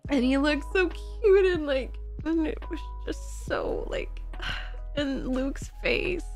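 A woman's voice: high-pitched, slow, darkish tone, faint music behind. A woman hosting a movie reaction video, talking in an effusive, emotional way with lots of "like". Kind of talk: casual reaction commentary.

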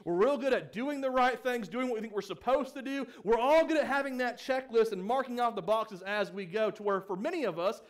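A man's voice: very high-pitched, fairly quick, few pauses. A young man preaching a sermon as pastor, asking the congregation questions and acting out the quoted lines of the story. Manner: acts out quoted pleas with rising emphasis.

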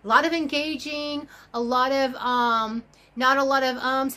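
A rambling woman crochet vlogger talks casually from home, gushing and exclaiming as she jumps between thoughts. Her voice sits a little high for a woman. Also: steady tone, measured pace, sharp tone. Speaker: crochet YouTuber. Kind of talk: casual chatty vlog.

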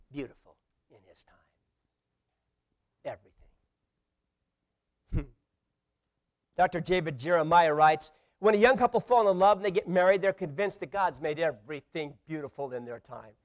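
In a fairly high voice, a middle-aged male pastor preaches, dropping to whispered asides and then rising to loud, emphatic calls. He has fun acting out quoted voices.

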